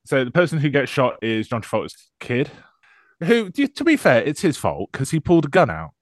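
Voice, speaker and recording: A man co-hosting a film podcast, his pitch swinging widely as he jokes and laughs through the plot. His voice is close and dry, with no room sound. He banters loosely and sarcastically. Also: sing-song, a little fast, dry recording. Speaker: podcast co-host. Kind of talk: casual chat.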